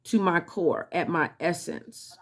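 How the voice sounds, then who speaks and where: Gravelly, laughing, profane woman vlogger. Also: fairly low pitch, slow. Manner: candid and profane, laughing often. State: scratchy throat. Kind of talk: casual chat to camera.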